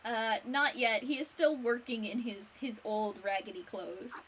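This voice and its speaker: A woman's voice: on the high side, fairly bright tone, low-quality recording. Woman running a tabletop game. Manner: halting, many uhs. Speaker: game master.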